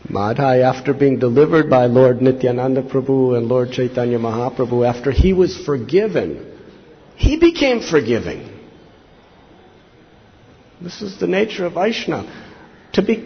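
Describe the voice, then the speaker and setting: A monk with a medium-pitched voice, big pitch swings, and vocal fry gives a devotional sermon at normal speed. He earnestly tells scripture stories and acts out quoted lines with rising intensity, on a slightly dull lo-fi recording with faint noise.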